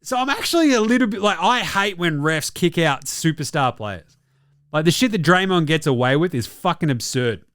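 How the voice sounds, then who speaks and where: A brash young Australian man rattles through basketball commentary with profane jokes, his voice sitting a little high. It sounds smooth and resonant, taken close on a mic in a dry, dead room. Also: a bit bright, no echo. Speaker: basketball show host. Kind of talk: casual sports commentary.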